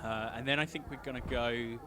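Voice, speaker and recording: A man's voice: medium pitch, fairly even intonation, brisk. A man hosting a let's play, thinking aloud and commenting casually while he plays, often laughing. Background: game music.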